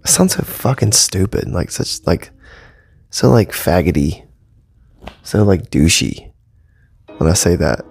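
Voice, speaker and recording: A man's voice: low-pitched, expressive, measured pace, gravelly, long pauses, a little mellow, slightly rough, dry recording. A man in his thirties hosting a casual solo podcast from home, talking bluntly with lots of swearing and rambling asides. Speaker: podcast host. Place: home studio with cables. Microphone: podcast mic.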